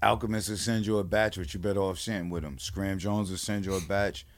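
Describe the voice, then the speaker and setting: A man's voice: deep voice, steady tone, a little fast. A man speaking as a guest in a casual chat, blunt and slangy.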